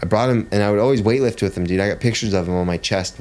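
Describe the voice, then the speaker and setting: Racing along in a lowish, slightly mellow voice, a thirty-something father who coaches jiu-jitsu shares stories in relaxed podcast conversation. He's blunt, swears freely, and leans on the word "dude" again and again.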